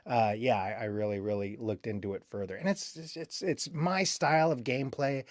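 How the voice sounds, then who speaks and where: A man of middling pitch looks back on his voice acting work in a loose, rambling way, full of fillers and false starts. His voice is recorded close and dry, with no room sound around it. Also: moderate pace, no room sound. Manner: rambling, many fillers and restarts. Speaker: voice actor. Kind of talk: recalled interview answers.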